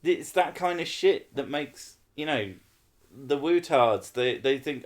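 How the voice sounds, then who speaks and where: A man's voice: fairly high pitch, expressive, slow. A man hosting a casual podcast chat, swearing a lot and ranting with sarcasm. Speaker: podcast host.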